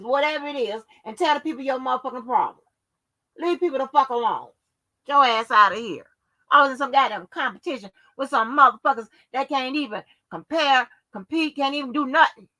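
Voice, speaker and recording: A woman's voice: sits high, brisk, pushed and bright. A woman hosting her own channel, delivering a profane, confrontational rant that scolds her viewers. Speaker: channel host.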